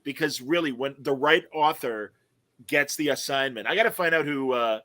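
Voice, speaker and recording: A man hosting a podcast in casual chat, animated and laughing as he acts out quoted lines and reads comments aloud. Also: mid-range voice, normal speed, dry recording. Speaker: podcast host.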